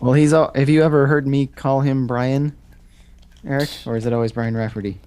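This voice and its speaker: A man's voice: mid-range voice, steady tone, brisk, warm tone, a little hiss or hum. A young man on a video call in a casual podcast chat, telling stories with hesitant fillers. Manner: storytelling, thoughtful, hesitant fillers. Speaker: co-host joining by video call.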